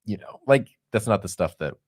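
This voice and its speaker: A man's voice: fairly low pitch, lively intonation, fairly quick, no echo, studio quality. A man co-hosting a casual podcast, a teacher who chats loosely and laughs often at his own stories. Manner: laughs often, chatty and self-deprecating. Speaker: podcast co-host. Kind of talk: casual chat.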